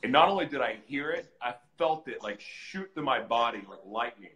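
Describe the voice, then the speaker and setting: A man guest on a podcast, candidly telling his personal story in an earnest, animated way. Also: medium pitch, normal speed, rough recording. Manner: earnest, animated, acts out shouted voices in retelling. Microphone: live stream, reads comments on screen.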